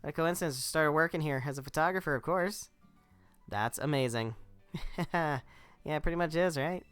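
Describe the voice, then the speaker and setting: A man's voice: a little high, moderate pace, a bit bright, smooth, no room sound, soft background music, pitched above the performer's own voice, natural voice. A man reading the lines of a friendly, chatty young woman photographer in a video game, in an upbeat manner.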